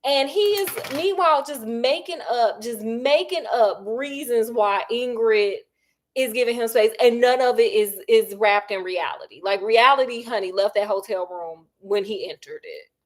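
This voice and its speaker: A woman's voice: fairly high pitch, normal speed. A woman, chatting while she cooks and gossiping about reality TV in a sassy, dramatic way. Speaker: cooking vlogger. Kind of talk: casual chat while cooking.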